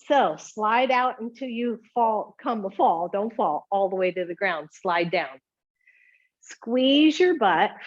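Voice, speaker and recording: A woman's voice: mid-range voice, dull audio. A woman teaching a home yoga class, giving encouraging cues with a chatty manner and frequent light laughs.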